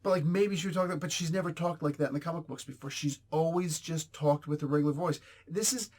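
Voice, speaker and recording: A man reviews a comic book in a blunt, rambling, exasperated rant. His voice sits slightly high for a man. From New Jersey, US. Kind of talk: casual ranting review.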